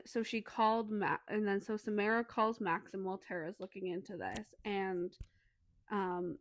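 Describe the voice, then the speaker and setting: A woman co-hosting a casual book podcast, retelling a story's scenes with lots of swearing and quick acted-out dialogue. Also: medium pitch, no room sound. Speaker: podcast co-host. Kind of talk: casual book review chat.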